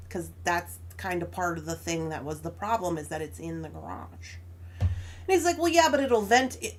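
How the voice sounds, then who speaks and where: Speaking at a medium pitch, a young woman running a crafting stream relaxes into a story. She laughs a lot and plays both parties in an argument as she recounts it.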